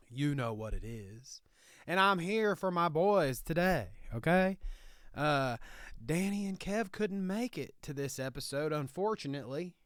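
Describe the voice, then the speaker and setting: A swaggering small-town lawyer holds forth in a put-on Southern drawl, as a man plays him for comedy, ending nearly every line with a drawled "okay?". The voice sits somewhat high, smooth and clean. It is recorded close and dry, with no room sound. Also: a bit bright, dry recording. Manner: tags sentences with a drawled "okay?". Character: folksy boastful redneck male lawyer. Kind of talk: comic character monologue.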